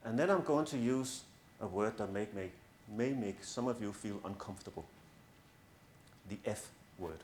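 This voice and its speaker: A man's voice: medium pitch, darkish tone, slight background noise. A middle-aged man speaking as a coach to an audience, earnest and persuasive, with a touch of self-mocking humor. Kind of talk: presentation to an audience. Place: large room in front of an audience. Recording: echoey room.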